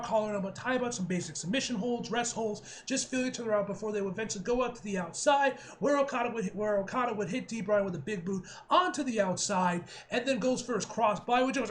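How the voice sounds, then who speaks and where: An excitable young man breaks down a wrestling match in a casual video review. His voice sits very high and his words tumble out quickly, full of slang, laughter and swearing.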